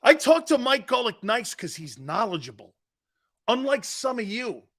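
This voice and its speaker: A middle-aged man hosts a sports talk radio show in a brash, mocking way, firing back at listeners. His voice sits high and bright, with lively, sweeping pitch. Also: normal speed. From United States.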